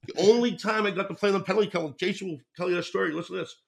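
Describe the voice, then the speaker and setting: An older man from the area, telling raucous hockey stories at a rapid clip. His voice sits slightly high for a man, and he rambles, swears and laughs his way through each anecdote. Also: fairly even intonation, creaky. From Boston area. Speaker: podcast guest, former pro hockey player. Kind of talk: casual storytelling.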